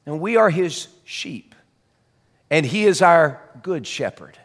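A man with a slightly higher voice gives a relaxed, folksy sermon, breaking off for chatty asides. His voice rings out with a long reverb from the church hall around him. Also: slow. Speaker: pastor. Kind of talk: conversational sermon. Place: church sanctuary.

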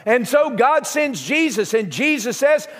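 Southern male preacher, high lively voice, big reverberant hall; emphatic, repeating lines for effect. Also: unhurried. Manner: impassioned, emphatic preaching with repetition. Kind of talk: sermon.

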